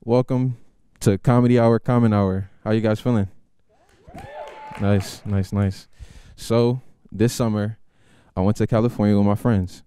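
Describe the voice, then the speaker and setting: A man's voice: fairly low pitch, a little slow, slight background noise. A young man doing stand-up, telling a story in a conversational way in a university TV studio. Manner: animated, conversational. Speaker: stand-up comedian.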